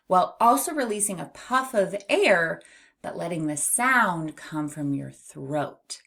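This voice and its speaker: A woman teaching a children's phonics lesson, modeling sounds slowly and clearly with playful asides. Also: on the low side, very animated, bright, forceful tone.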